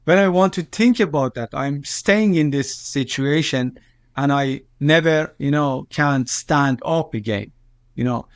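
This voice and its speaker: High-voiced man with an Iranian accent. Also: smooth, dry recording, studio quality. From Iran. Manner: halting non-native English with many fillers and restarts, agitated when quoting. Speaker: journalist, interview guest. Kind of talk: recounting events in an interview.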